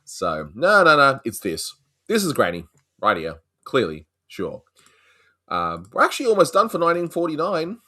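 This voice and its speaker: A man's voice: a little high, wildly swooping pitch, moderate pace, bright, forceful tone. A man from Australia hosting a casual chat, rambling and restarting words often. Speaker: host.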